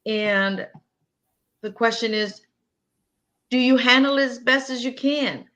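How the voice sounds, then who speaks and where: A woman's voice: fairly high pitch, slow pace, bright, forceful tone. A woman hosting an interview, affirming her guest and asking long, searching questions. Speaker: interview host.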